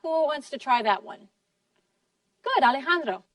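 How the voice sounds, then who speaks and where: A woman teaching a class, slowly and clearly modeling sentences and praising her students. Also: sits high, expressive, no room sound, far from the mic. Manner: slow, deliberate, encouraging, models sentences clearly. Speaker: English teacher. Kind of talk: classroom lesson in two languages.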